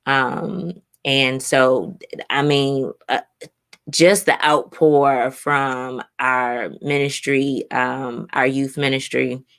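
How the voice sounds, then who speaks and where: A woman's voice: very deep voice, fairly even intonation, drawn-out words, fairly bright tone. A woman co-hosting a church conversation, sharing memories in an emotional, tender way. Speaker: pastor's wife and co-host. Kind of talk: reflective conversational chat.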